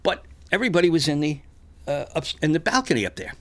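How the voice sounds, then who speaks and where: An older man casually telling animated stories, acting out the voices of the people in them. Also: on the high side, fast. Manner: animated, acts out shouted quotes. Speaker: storyteller guest. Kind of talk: casual storytelling chat.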